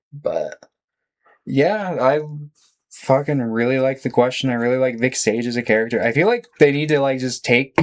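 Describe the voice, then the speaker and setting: A man co-hosting a podcast, chatting casually and swearing now and then. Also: mid-range voice. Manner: relaxed listener with short replies and swearing. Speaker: podcast co-host. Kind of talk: casual chat.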